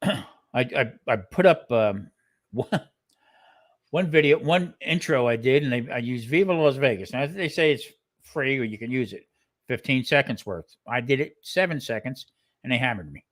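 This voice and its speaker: A man's voice: mid-range voice, lively intonation, moderate pace, a bit bright. An older man co-hosting a cooking show in casual live-stream chat, rambling and restarting his sentences with frequent exclamations.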